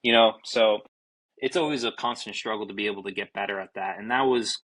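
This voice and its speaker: A young man, a baseball pitcher and podcast guest, telling a story in an animated, casual way, swearing freely and restarting his sentences. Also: fairly quick, poor audio. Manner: animated, self-described fiery, swears freely, many restarts.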